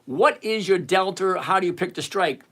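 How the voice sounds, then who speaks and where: High-voiced and speaking at normal speed, this middle-aged livestream host fields chat questions about covered-call trading. He reads viewers' names out loud, animated and brash, teasing them as he goes.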